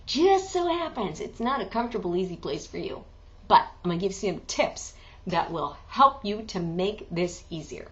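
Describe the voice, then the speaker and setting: A woman's voice: medium pitch, animated, normal speed, lo-fi sound. A woman teaching an online singing lesson, chatty and joking, breaking into sung examples. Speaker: vocal coach.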